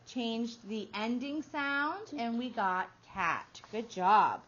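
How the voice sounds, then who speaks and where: Teacher sounding out words slowly, dull recording. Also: female voice, fairly high pitch, animated, a bit bright. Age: adult. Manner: slow, drawn-out sounding out of words with encouraging praise. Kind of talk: small-group phonics lesson. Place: classroom. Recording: dull lo-fi classroom recording with faint noise.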